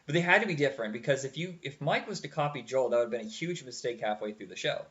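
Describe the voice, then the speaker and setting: A man's voice: medium pitch, quick pace, muffled recording. A man in his forties hosting a casual podcast chat, telling stories and acting out the lines of people in them. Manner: animated storyteller, acts out quotes. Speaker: podcast host.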